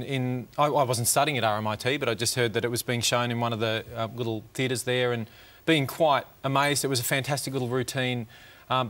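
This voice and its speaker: A man's voice: medium pitch, a bit bright. A middle-aged man talks loosely and with self-deprecating humour. He wanders through his sentences with plenty of fillers and false starts. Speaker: comedian guest. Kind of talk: casual interview chat.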